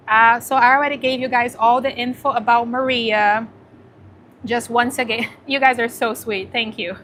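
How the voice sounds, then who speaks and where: A woman hosting a casual livestream who talks warmly to her viewers and gets teary, cooing now and then to a dog beside her. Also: fairly high pitch, fairly even intonation, moderate pace, a little hiss or hum. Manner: chatty and emotional, thanking viewers, cooing to a dog. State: teary, crying. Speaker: livestream host promoting dog rescue.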